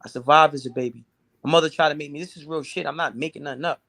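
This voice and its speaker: A man's voice: on the high side, steady tone, very fast, a bit bright. A man with a slightly raised voice tells a painful personal story as an interview guest. He talks intensely, circling back and repeating words as he pushes through.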